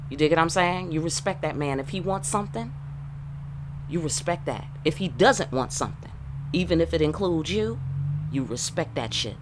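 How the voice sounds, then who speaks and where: A woman with a low, expressive voice speaks at a moderate pace against a noisy background. In a casual channeled reading, this tarot reader gives blunt, cursing relationship advice, sprinkling in rhetorical questions and streetwise asides.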